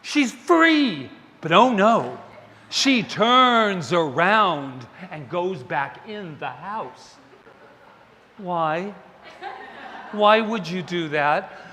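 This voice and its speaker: Animated storytelling male minister. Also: sits high, extremely slow, a little hiss or hum. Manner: animated, playful storytelling with laughs. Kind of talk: sermon. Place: spiritual center sanctuary. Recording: long hall reverb, faint ambience.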